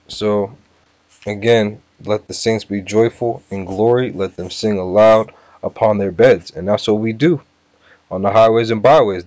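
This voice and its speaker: A man teaching a scripture lesson, casual and repetitive, sounding out words slowly. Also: on the low side, a little mellow, no room sound. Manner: casual, repeats "all right" and "you know", sounds words out slowly. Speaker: bible teacher. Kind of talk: scripture lesson with word-by-word breakdown.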